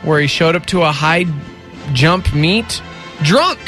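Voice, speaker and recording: A man co-hosts a morning radio show, with a lively voice that swoops up and down as he jokes around and drops into goofy voices. He sounds like a studio radio host, with faint music playing behind him. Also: on the high side, slow. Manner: playful, jokey, slips into silly voices. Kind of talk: casual morning radio banter.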